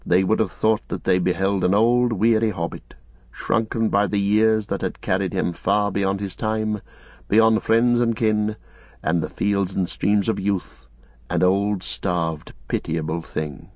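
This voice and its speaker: Male audiobook narrator, measured storytelling, husky voice, dry close sound. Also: on the low side, darkish tone, dry recording, muffled recording.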